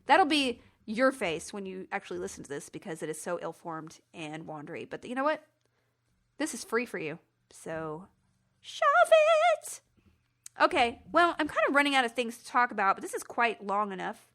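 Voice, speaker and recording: A woman hosting a rambling solo podcast, animated and self-mocking, slipping into silly voices. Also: medium pitch, brisk. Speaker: podcast host. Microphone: computer recording.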